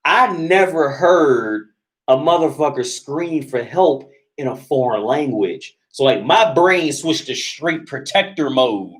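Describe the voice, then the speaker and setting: The man's voice is a little high and slightly bright, animated yet slow. As a livestream host, he tells a story from his small apartment in a loose, profane way, laughing often, recorded by a phone or camera carried in hand.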